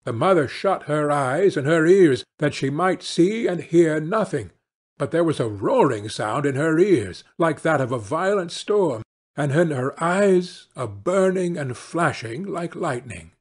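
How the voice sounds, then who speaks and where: A man narrating a fairy-tale audiobook in a slow, deliberate reading. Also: on the high side, animated, husky. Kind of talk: audiobook storytelling.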